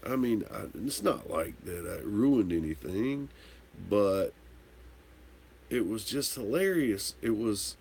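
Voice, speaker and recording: A man's voice: on the low side, expressive, slow, gravelly, darkish tone, slightly rough. A man hosting a casual livestream, tipsy from drinking, telling a rambling, candid story and swearing casually. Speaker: livestream host answering viewer comments.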